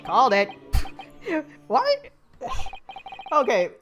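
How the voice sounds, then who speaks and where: A woman streaming a game, making excitable, laughing asides between dialogue lines. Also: fairly high pitch, drawn-out words, muffled recording. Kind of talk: casual game-stream commentary. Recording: game music playing underneath. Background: game music.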